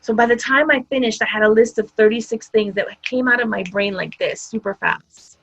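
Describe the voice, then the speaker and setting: Upbeat woman with a higher voice, chatty motivational talk to viewers, kinda dull lo-fi sound. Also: brisk, a bit bright. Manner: upbeat, conversational, addresses audience directly. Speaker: summit speaker.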